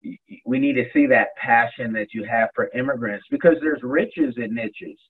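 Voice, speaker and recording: A man hosting a podcast interview, giving encouraging advice to his guest in a husky voice. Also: mid-range voice, lively intonation, moderate pace. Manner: advising, encouraging. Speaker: podcast host. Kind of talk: casual interview. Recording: tinny phone-like line.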